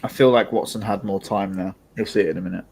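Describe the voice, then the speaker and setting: Chatty young Englishman, low voice. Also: steady tone, quick pace, creaky, darkish tone, slightly rough. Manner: chatty, laughs often. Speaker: podcast co-host. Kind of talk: live match watchalong commentary.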